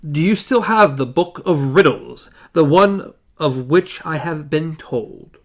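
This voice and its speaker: A booming, playful train machine with a deliberate, unhurried delivery, as a man reads it aloud. The voice sits a little high for a man and speaks at a slow, measured pace. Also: animated, full character voice. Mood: curious.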